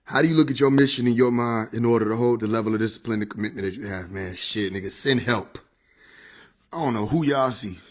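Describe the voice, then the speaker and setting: A man's voice: medium pitch, quick pace. A man casually chatting on a livestream into a desk microphone, joking, swearing and laughing often. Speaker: streamer.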